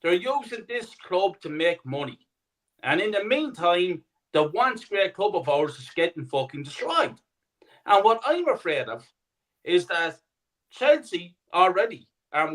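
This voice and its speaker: Indignant man, lively pitch. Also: a little slow, rough recording. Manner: indignant, sweary, emphatic. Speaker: guest. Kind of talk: podcast discussion.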